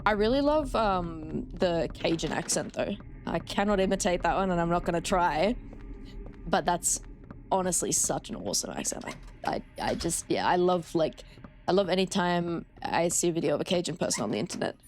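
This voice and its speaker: A young Australian woman streams a horror game, chatting casually with her chat and swearing freely. Her voice is on the low side with big pitch swings, at a moderate pace.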